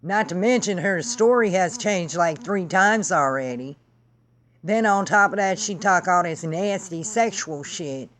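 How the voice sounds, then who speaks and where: A woman's voice: fairly low pitch, measured pace. A woman vlogging to camera in a heated, sarcastic and profane rant. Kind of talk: angry vlog rant.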